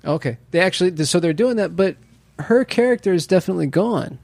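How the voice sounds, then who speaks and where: Man with a higher voice, dry close sound. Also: animated, fairly quick, vocal fry, a little mellow, no room sound. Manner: laughs often, slips into goofy voices to retell scenes. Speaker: podcast co-host. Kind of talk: casual chat.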